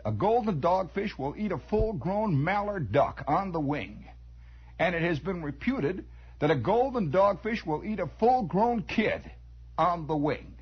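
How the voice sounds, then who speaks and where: A man's voice: fairly high pitch, slightly rough, exaggerated voice. A man voicing a grizzled old male fisherman, drawling and emphatic, on a dull lo-fi 1960s radio broadcast.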